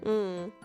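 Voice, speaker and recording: A young woman chats casually with her viewers as she builds, giggling often and scattering fillers through her sentences. Her voice is a bit hoarse from being sick, set fairly high and swinging widely in pitch. Soft music plays faintly beneath her. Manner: chatty, giggly, many "like" fillers. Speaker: streamer. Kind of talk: casual chat with viewers while building models.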